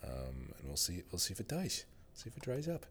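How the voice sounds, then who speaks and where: A man's voice: deep voice, wildly swooping pitch, fairly quick, fairly bright tone, a little hiss or hum. A man with a General American accent, rambling through a casual solo monologue as a podcast host. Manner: rambling, musing, many fillers and restarts.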